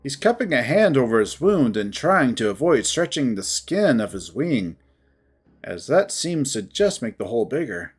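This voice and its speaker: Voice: medium pitch, very animated, moderate pace, breathy edge, soft background music. A narrator giving a dramatic first-person reading of a visual novel.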